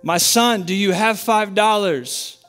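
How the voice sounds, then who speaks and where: A man's voice: mid-range voice, measured pace, soft background music, natural voice. A man voicing a stern father who speaks in firm, commanding words while telling a story in a sermon. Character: stern father teaching his son.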